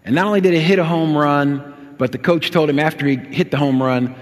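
A man preaching a sermon, telling a personal story, swinging between emphatic appeals and low, quiet recollection. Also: brisk. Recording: long hall reverb.

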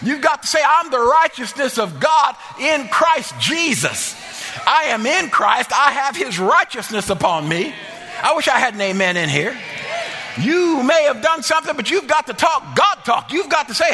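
A male preacher with a bright, ringing voice drives his points home in repeated, shouted refrains. His words hang in the long reverb of a church sanctuary. Soft music sits underneath. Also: extremely high pitch, vocal fry. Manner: emphatic, repetitive preaching cadence, often shouting. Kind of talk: sermon and altar call.

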